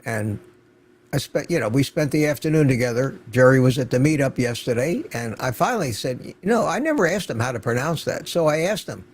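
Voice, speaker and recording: A man's voice: mid-range voice, animated, fairly quick. An older man hosting an unscripted livestream, chatting casually and greeting viewers by name from the chat. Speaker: livestream host.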